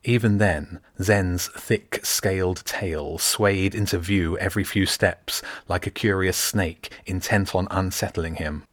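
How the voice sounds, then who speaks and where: A man narrating an audiobook in a measured, descriptive way. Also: low voice, fairly even intonation, no echo, clean studio sound.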